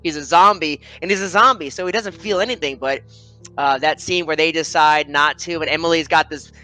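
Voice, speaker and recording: A man's voice: a little high, fairly quick, bright, forceful tone, soft background music, low-quality recording. A man, an author guest in a casual interview chat, talking in a friendly way with frequent laughs and fillers.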